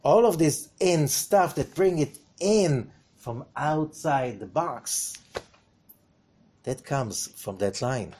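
A man teaches Torah with lively energy, posing rhetorical questions and alternating between loud emphasis and quiet asides. His voice sits a bit high and sounds husky, and he speaks slowly.

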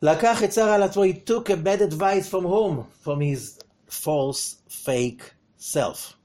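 A man giving a Torah lesson in an animated way, asking rhetorical questions and swinging between loud emphasis and hushed remarks. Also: sits high, moderate pace.

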